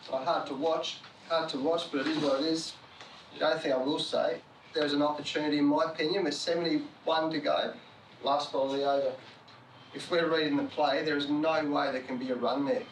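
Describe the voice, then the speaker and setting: A man's voice: a little high, fairly even intonation, brisk, reverberant, a little hiss or hum. A man, a cricket coach talking frankly in a documentary interview and team talk. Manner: blunt, frank storytelling. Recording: distant mic.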